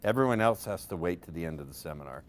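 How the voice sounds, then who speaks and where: A man with a very low voice teaches a live seminar to a room of listeners. He is playful and profane, and keeps drawing the audience in with questions. Faint noise sits under his voice. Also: animated, rapid-fire. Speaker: seminar presenter teaching persuasion.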